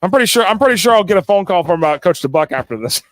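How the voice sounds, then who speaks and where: A man hosting a casual live sports talk show, excitable and stammering, often laughing and reading viewer comments aloud. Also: high-pitched, rapid-fire, dry recording.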